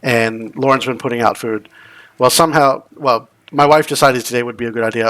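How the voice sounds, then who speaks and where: A man's voice: medium pitch, brisk, fairly bright tone. A man running a tabletop game, rambling through a family story before play. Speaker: game master. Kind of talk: tabletop role-play chat.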